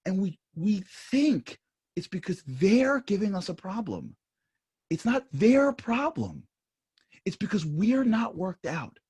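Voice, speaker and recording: A man speaking at a panel discussion, talking emphatically and shifting between intense points and soft asides. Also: high-pitched, big pitch swings, unhurried, breathy edge. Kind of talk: impassioned panel talk.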